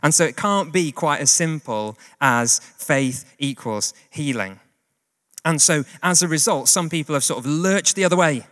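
A man's voice: a little high, expressive, moderate pace, a bit bright. A man preaching a sermon in a conversational, plain-spoken way with casual asides. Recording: long hall reverb.

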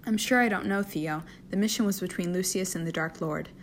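A woman voicing a cold, haughty aristocratic matriarch who speaks softly and icily in a storybook reading. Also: on the low side, brisk, a little hiss or hum, natural voice. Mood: cool. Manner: soft and icy.

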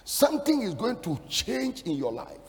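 Fiery high-voiced preacher in a ringing hall. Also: male voice, wildly swooping pitch, normal speed. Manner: emphatic, rising into shouted declarations. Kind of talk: sermon.

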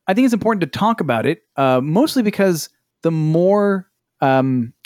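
A podcast co-host speaks at normal speed in an animated, darkish voice on the high side, recorded in clean studio sound with no echo. He chats casually and tells stories, acting out quotes and swearing casually.

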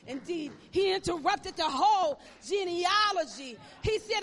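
A woman's voice: very high-pitched, expressive, a little slow, few pauses, fairly bright tone, big-room sound. A woman preacher delivering an impassioned sermon and calling on the congregation to answer back. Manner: impassioned preaching with call-and-response.

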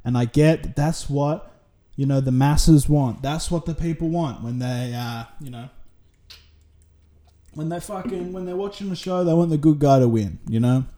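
A man's voice: on the high side, normal speed, mellow. A man with an Australian accent hosting a solo podcast, rambling through a casual, sweary monologue full of tangents. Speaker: podcast host.

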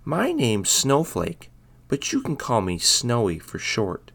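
A man voicing an excited young lost kitten in a read-aloud Christmas story. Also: medium pitch, unhurried. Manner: excited, breathless pleading.

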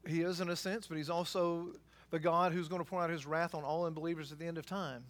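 A man preaching a sermon, swinging between quiet asides and loud, emphatic passages. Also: on the high side, little pitch movement, fast talker. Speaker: pastor.

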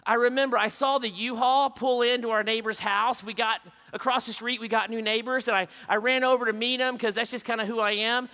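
High-voiced, bright male preacher telling a story. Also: steady tone, brisk, few pauses. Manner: dramatic swings between loud exclaiming and hushed narration. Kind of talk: sermon storytelling.

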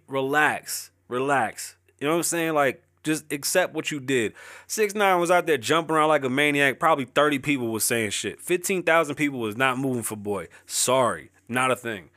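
A man's voice: on the high side, expressive, moderate pace, fairly bright tone, no echo, studio quality. A young man hosting his own show, rambling loosely and swearing constantly as he riffs casually, speaking as a rapper. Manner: rapper, says he is an artist. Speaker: show host. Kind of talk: casual profane monologue.

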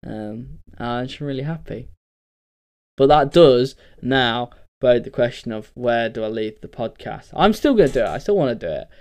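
A man's voice: mid-range voice, lively intonation, moderate pace, a little mellow, no echo. A man hosting a casual solo podcast, rambling and sweary, ranting in bursts. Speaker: podcast host.

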